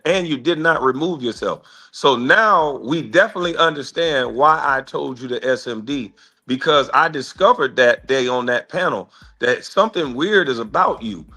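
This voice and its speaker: A man's voice: fairly high pitch, sharp tone. A man hosting an online panel, pressing another speaker with repeated pointed questions. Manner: pressing, interrogating. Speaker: panel host. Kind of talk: heated argument.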